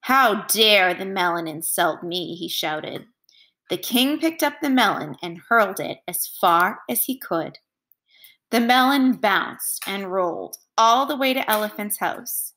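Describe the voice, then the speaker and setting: A woman teacher reading a storybook aloud to children in a clear, expressive voice. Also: mid-range voice, measured pace.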